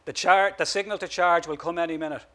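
A man's voice: a little high, fairly even intonation, fast talker, voice pushed up, close to an everyday voice. A man doing a hearty rural Irish soldier. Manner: loud, rallying, folksy. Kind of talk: author reading a story aloud.

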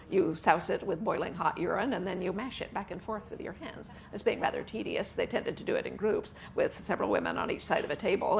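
On stage at a book festival event with an audience, a woman author talks chattily through an interview, laughing frequently and saying "uh" a lot. Her voice is fairly low and creaky, with a little hiss or hum present.

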